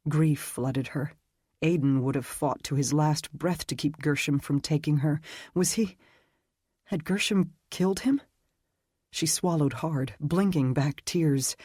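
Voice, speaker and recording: Measured male audiobook narrator, dry sound. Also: on the high side, darkish tone, slightly rough, no echo. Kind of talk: scripted narration.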